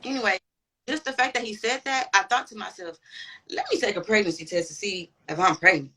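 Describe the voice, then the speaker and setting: A woman's voice: mid-range voice, a little fast, pushed and bright, rough recording. A woman guest on a chat podcast telling a personal story candidly, with lots of slang and swearing. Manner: candid, profane, slangy and emphatic.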